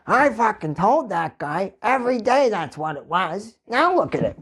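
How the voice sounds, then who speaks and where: A man's voice: sits high, big pitch swings, moderate pace, a bit bright, slightly rough, pitched above the performer's own voice, full character voice. A man impersonating a hot-tempered, cartoonish 65-year-old male safety boss on a job site, ranting and swearing. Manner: explosive, swearing.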